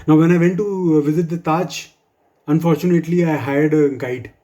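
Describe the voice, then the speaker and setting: Man, stand-up comic, mellow tone, slightly high voice, dry asides. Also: steady tone, moderate pace. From India. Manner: wry, dry humor with asides. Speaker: stand-up comedian. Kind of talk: stand-up comedy set for office colleagues.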